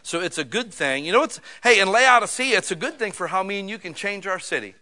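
A man preaching a conversational sermon to his small church, swinging between loud emphatic bursts and quiet, intimate asides. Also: sits high, lively intonation, fast. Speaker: pastor.

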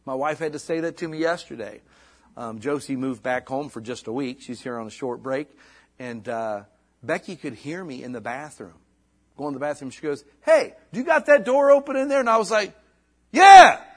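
A middle-aged man preaching a sermon as a pastor. He talks in a casual, conversational way and reads scripture slowly and deliberately. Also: mid-range voice, husky. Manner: casual, conversational preaching with frequent "like" and "you know"; reads scripture in slow, deliberate King James cadence.

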